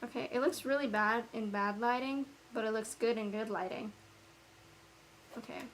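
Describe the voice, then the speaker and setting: High-voiced woman rambling to herself. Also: normal speed, slight background noise, low-quality recording. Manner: rambling, self-mocking, thinks out loud. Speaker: vlogger. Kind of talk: casual chat to herself while painting.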